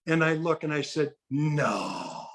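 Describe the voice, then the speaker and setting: A man's voice: a little high, fairly quick. A man in his sixties, a retired ball player, telling anecdotes and acting out the people he quotes. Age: 60s. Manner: lively storyteller who acts out the people he quotes. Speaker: guest, retired baseball pitcher. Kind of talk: anecdotal storytelling.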